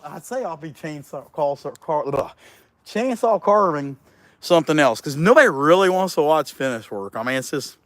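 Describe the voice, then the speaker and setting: A man's voice: fairly high pitch, fairly bright tone, clean tone, no echo. A man hosting a chainsaw carving livestream, joking around and rambling as he reads viewer comments aloud. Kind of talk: casual livestream chat.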